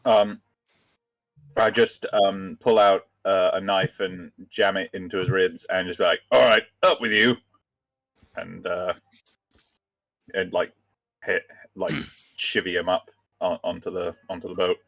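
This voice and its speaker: A man playing a tabletop game, describing his moves in a halting way. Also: deep voice, level tone, no room sound, rough recording. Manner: hesitant, halting. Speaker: player.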